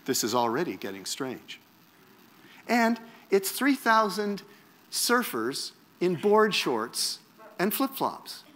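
Animated man telling a testimony. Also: high voice, slow. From Canada. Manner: animated, wry, self-mocking storyteller who acts out quotes. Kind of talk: personal testimony in a sermon.

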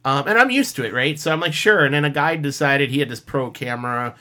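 Bright-voiced man telling animated stories. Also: medium pitch, fast talker. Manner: animated storytelling with fillers and laughs. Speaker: podcast co-host, costumer. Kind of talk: casual chat.

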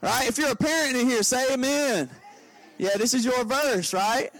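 High-voiced, energetic pastor preaching. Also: male voice, normal speed. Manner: energetic, excitable, conversational preaching. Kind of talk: sermon.

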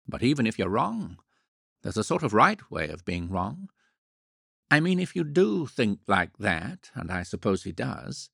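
A man's voice: lowish voice, sing-song, measured pace, vocal fry, a bit bright, breathy edge, no room sound, clean studio sound, exaggerated voice. A man playing an earnest young painter who mocks himself with wry solemnity in a read story. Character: earnest young male painter, wryly self-mocking.

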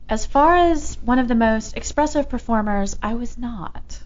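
A woman's voice: fairly high pitch, expressive, moderate pace, muffled recording. A woman co-hosting a radio talk show, chatting casually and laughing easily. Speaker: radio co-host. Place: radio studio.

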